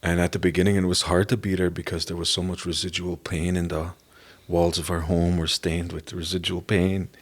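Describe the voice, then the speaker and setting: Deep-voiced man sharing an emotional testimony. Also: flat delivery. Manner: earnest, halting, emotional at times. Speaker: podcast guest. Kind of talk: personal testimony in an interview.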